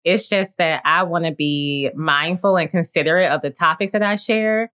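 Speaking at a normal speed, a woman in her late twenties hosts a solo faith podcast in a lowish, fairly bright and clean voice. She comes across as earnest, reflective and encouraging, frequently using "like" and "you know."

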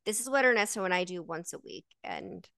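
A woman's voice: fairly low pitch, expressive, brisk, vocal fry, a bit bright, no echo, clean studio sound. A woman co-hosting a podcast live, chatting upbeat and talking straight to her listeners. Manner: upbeat, addresses listeners directly. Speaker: podcast co-host. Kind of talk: casual live-stream chat.

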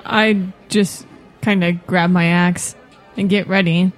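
A woman's voice: on the low side, fairly even intonation, takes it slowly, soft background music. A woman playing a tabletop role-playing game, answering in brief, plain lines. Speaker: player.

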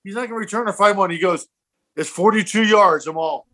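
A man, a former professional football punter, telling animated stories in casual conversation and acting out the quotes. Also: sits high, a little fast. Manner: animated, acts out quotes and laughs. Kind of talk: casual storytelling.

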